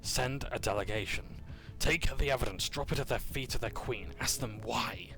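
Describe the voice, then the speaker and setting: A man's voice: medium pitch, normal speed, gravelly, sharp tone, faint music behind. A man voicing an earnest male advisor who pleads for diplomacy in a tabletop game. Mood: pleading. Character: urgent, earnest male ally pleading for peace.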